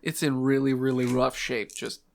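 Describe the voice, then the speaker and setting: Man, game master, easygoing narration, gravelly tone. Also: mid-range voice, level tone, moderate pace, a little hiss or hum. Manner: laid-back, laughing often while narrating.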